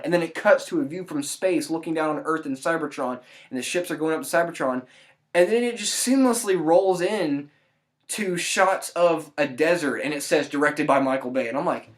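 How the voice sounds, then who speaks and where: Exasperated woman ranting a movie review. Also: sits low. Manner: exasperated ranting, exclamatory asides. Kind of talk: casual spoken movie review.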